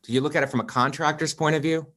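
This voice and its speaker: A man hosting a podcast in casual chat, asking dry, teasing questions with a deadpan delivery. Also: on the high side, racing. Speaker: podcast host.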